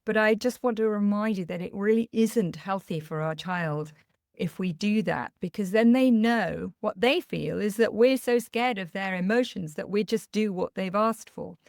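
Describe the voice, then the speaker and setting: Woman, middle-aged, podcast host, candid and reassuring, mid-pitched voice, dry close sound. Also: normal speed, creaky, a little mellow, no room sound. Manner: earnest, candid and reassuring, laughing at herself. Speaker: parenting coach, podcast host. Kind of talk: podcast monologue with personal anecdotes.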